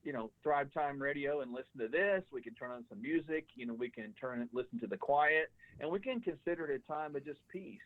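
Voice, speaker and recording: A man's voice: mid-range voice, fairly quick, few pauses, no room sound. A man joins a radio interview over a tinny phone line, giving advice in an emphatic, explanatory coaching tone. The sound is dry, with no room around his voice. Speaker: radio show guest, lifestyle coach.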